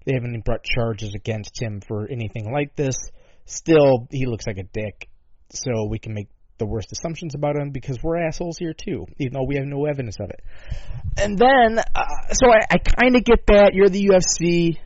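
A man's voice: mid-range voice, animated, moderate pace, no room sound. A man hosting a talk show who rambles in a sarcastic, profane way, with many asides and swearing. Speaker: podcast host. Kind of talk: casual profane commentary. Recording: dull lo-fi dry sound.

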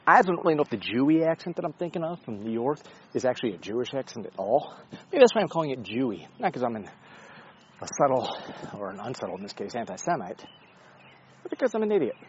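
A man's voice: medium pitch, sing-song, fast, lo-fi sound, a little hiss or hum. A man rambling and swearing in a casual monologue while walking his dog outdoors, joking at his own expense. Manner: rambling, profane, self-mocking, talks to his dog. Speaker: vlogger. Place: outdoors on a neighborhood street.

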